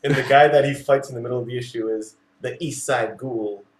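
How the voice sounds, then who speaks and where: A man's voice: medium pitch, steady tone, a little fast. A man co-hosts a comic book podcast with plenty of enthusiasm, filling his talk with "like". He is from Massachusetts, and his voice carries a roomy echo. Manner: enthusiastic, says "like" a lot. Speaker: podcast co-host. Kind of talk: casual chat.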